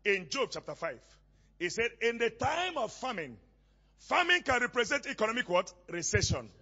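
A male pastor preaching a sermon, asking questions and having the congregation call back the missing words, often rising to shouts. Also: extremely high pitch, big pitch swings, normal speed, creaky, breathy edge, lo-fi sound.

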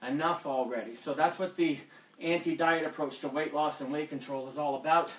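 A man's voice: a little high, steady tone, a little fast, reverberant, distant mic, rough recording. A man coaching fitness on a live stream, blunt and lecturing as he talks through diet advice.

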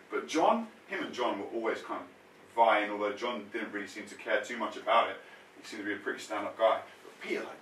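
Bright-voiced preacher in a roomy hall. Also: male voice, medium pitch, brisk, distant mic, a little hiss or hum. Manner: lively storytelling with casual slang. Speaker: pastor. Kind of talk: sermon. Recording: roomy sound, mic set back from speaker.

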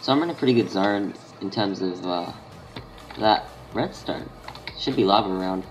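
A man's voice: on the low side, animated, moderate pace, slight background noise. A man with an Australian accent giving casual gameplay commentary, thinking aloud and muttering half-finished sentences to himself. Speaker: gaming channel host.

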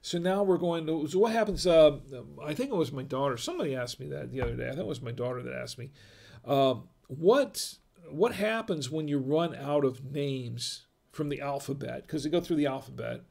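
Here a middle-aged host from North Carolina, USA rambles through a casual livestream at a moderate pace, restarting sentences and using many fillers. His voice is a little high, creaky, with a darkish tone.

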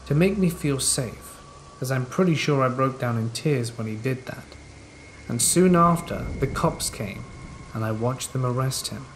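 A man reading scary stories aloud in a measured, steady scripted narration. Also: mid-range voice, slight background noise, poor audio. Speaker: horror story narrator. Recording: rain sounds under the narration. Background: rain.

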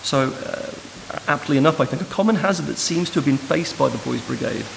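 Brief: man, academic lecturer, measured and thoughtful, with a gravelly edge. Recorded in a reverberant room with hiss. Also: on the high side, animated. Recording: noisy hiss in a reverberant hall.

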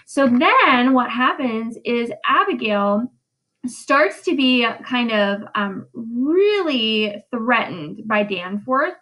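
A woman's voice: on the high side, lively intonation, slow pace, bright, forceful tone, poor audio. A woman English teacher giving a casual, chatty recorded lesson recap, often checking in with "right?".

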